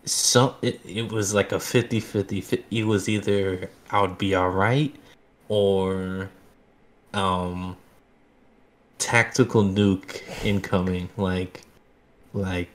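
A man's voice: sits low, fairly even intonation, slow pace. A man co-hosting a podcast, chatting casually and telling rambling stories full of fillers. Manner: rambling, filler-heavy storytelling. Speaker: podcast co-host. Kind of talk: casual chat.

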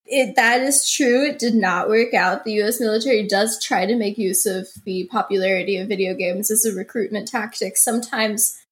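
A woman's voice: medium pitch, moderate pace, few pauses. A woman co-hosting a casual comedy podcast, joking and reading out news items. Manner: joking, reads quotes in mock voices. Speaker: podcast co-host.

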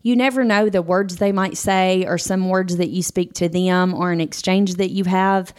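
A woman's voice: on the low side, fairly even intonation, normal speed, smooth. A woman co-hosting a podcast who speaks in a supportive, reflective way in casual chat. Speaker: podcast co-host.

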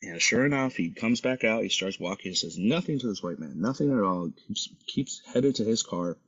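A husky man with a low-pitched voice tells a story as host of his podcast, talking casually and with energy. He keeps checking in with "right?" and jumps up in pitch when he acts out other people. The recording sounds dull and lo-fi. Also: moderate pace. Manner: animated, acts out quoted people in a raised voice, tags lines with "right?".

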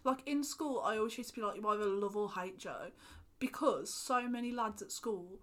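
A young woman, co-hosting a casual podcast chat, animated and laughing, swearing casually. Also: mid-range voice, normal speed. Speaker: podcast co-host.

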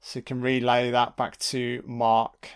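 A man's voice: medium pitch, monotone, unhurried, smooth. A man giving casual, sweary commentary on a film, talking back to the characters on screen. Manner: sweary, mocking asides to the screen.

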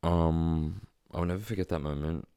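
A man telling a personal story in a quiet, halting, reflective way, with many pauses and fillers. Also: very deep voice, steady tone, smooth, no room sound, studio quality.

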